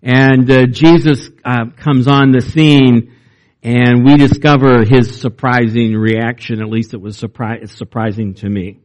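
A man preaching a sermon in a conversational way, with fillers and restarts, and his pitch rises when he reads or retells. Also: little pitch movement, a little slow, darkish tone.

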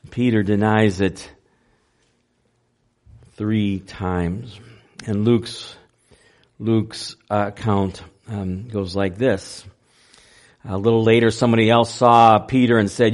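A man preaching a sermon, unhurried and halting, with frequent fillers and restarts. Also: mid-range voice, fairly bright tone. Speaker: pastor.

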